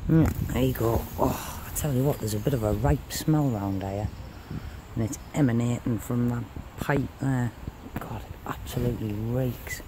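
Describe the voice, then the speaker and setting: A man's voice: medium pitch, normal speed. A man mudlarking on a river bank, muttering casual commentary to himself as he searches. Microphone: handheld camera mic. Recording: outdoor noise on camera mic.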